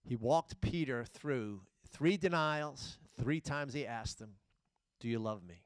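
A man preaching a sermon, retelling scripture dramatically, swinging between loud declarations and hushed asides. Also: mid-range voice, expressive, slow pace, smooth, dry recording. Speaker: pastor.

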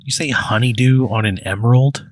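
A man's voice: mid-range voice, moderate pace, no echo. A man in casual comic banter, reacting with profane exasperation.

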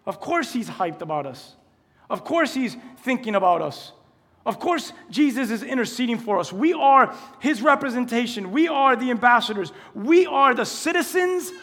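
A pastor delivers a conversational sermon from the pulpit, firing question after question at his congregation. His voice is fairly high for a man and fairly bright, with the long reverb of a large church hall.

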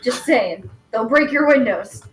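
A woman's voice: a little high, lively intonation, measured pace, slight background noise, rough recording. A woman playing a tabletop game, speaking bluntly and emphatically. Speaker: player. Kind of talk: tabletop role-play.

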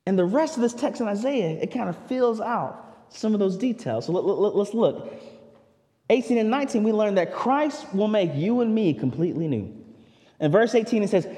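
A male pastor preaching a sermon in a conversational way, swinging from loud declarations down to a near hush. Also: high voice, moderate pace, in a large hall. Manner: animated preaching, swells loud then drops to near hush; conversational asides, repeats words as he goes. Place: church sanctuary.

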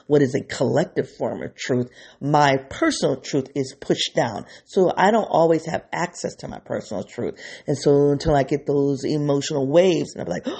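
Husky gravelly man musing aloud. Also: mid-range voice, a little mellow. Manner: rambling, restarts thoughts, openly emotional. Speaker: vlogger speaking to his viewers. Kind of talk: unscripted reflective monologue.

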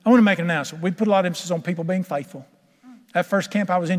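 A man's voice: sits high, racing, big-room sound. A man preaching a sermon to a congregation in a church, folksy, humorous and conversational. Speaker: pastor.

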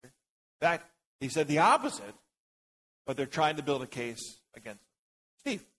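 A man's voice: fairly high pitch, big pitch swings, moderate pace, fairly bright tone, rough recording. A man teaching a Bible class in a casual way, joking, thinking aloud and calling on people in the group.

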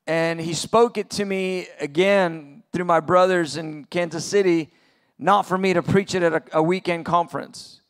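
Middle-aged male preacher, gravelly, earnest conference sermon. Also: fairly high pitch. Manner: earnest, builds to impassioned peaks. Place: large venue, conference session.

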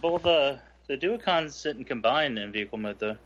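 A man's voice: mid-range voice, expressive, moderate pace, fairly bright tone, muffled recording. A man in a casual podcast chat, explaining matter-of-factly.

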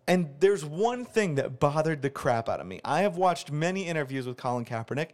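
Man, podcast co-host, exasperated rant, slightly high voice, pitch jumping all over. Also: brisk. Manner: animated, exasperated, ranting. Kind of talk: opinionated casual chat.

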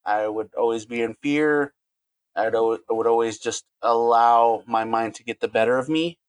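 A man's voice: medium pitch, dry recording. A man speaking as a podcast guest, candid and earnest, often restarting his sentences. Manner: earnest, halting, with frequent restarts. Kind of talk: candid interview talk.

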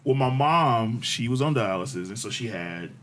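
Laughing, animated male storyteller. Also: mid-range voice, normal speed. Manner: animated storytelling, swearing freely, laughing often. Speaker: podcast co-host. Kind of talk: casual chat.

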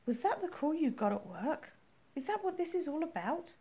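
Woman reading male cop partner, blunt, questioning, mellow tone. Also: high-pitched, very animated, moderate pace, pitched above the performer's own voice. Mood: puzzled. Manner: direct, questioning. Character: puzzled male police partner, blunt and curious. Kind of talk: audiobook character reading.

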